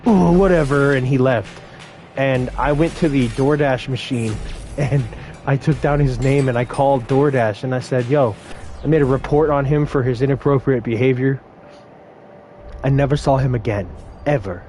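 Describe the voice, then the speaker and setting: Brash man telling work stories. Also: medium pitch. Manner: brash, animated retelling of confrontations. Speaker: fast food worker. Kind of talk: casual storytelling vlog.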